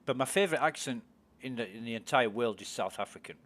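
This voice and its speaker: English guy streaming, rambly chat, swears a lot, mid-pitched voice. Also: lively intonation, quick pace, a bit bright. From England. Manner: chatty, rambling storyteller, swears freely, laughs easily. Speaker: game streamer. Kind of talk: casual chat while gaming.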